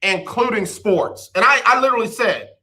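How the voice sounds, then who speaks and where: Radio host, male, high-pitched, casual chatty delivery with lots of restarts. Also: normal speed. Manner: chatty, repeats words, animated storytelling. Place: radio studio.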